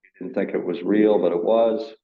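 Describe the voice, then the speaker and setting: A man with a fairly low voice talks through his own channel in a loose, meandering way, still husky from the morning. The sound is roomy and dull, as if from a computer mic on a video call. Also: fairly even intonation, normal speed. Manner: rambling, loosely explaining. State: morning voice, clearing throat. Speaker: channel host. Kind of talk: casual vlog talk.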